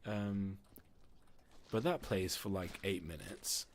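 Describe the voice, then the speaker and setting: A man's voice: low-pitched, takes it slowly, a little hiss or hum. A man narrating a tabletop game as game master in a casual, rambling way, often stopping to ask himself questions. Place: room, alone.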